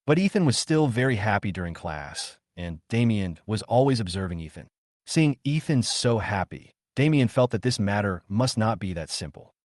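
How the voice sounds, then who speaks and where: A man giving a scripted story narration, telling it in a quick, even way. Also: lowish voice, no room sound, clean studio sound.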